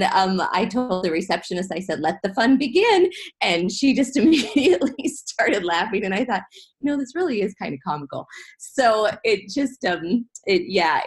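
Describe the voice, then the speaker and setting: A woman talking as a podcast guest in casual chat, reflective and quick to laugh. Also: fairly low pitch. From grew up on a ranch. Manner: warm, reflective, laughs often.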